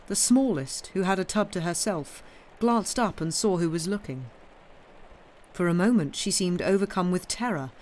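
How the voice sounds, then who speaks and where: A woman reading literary short stories aloud on a live stream, slow and expressive, lingering over phrases. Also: on the low side.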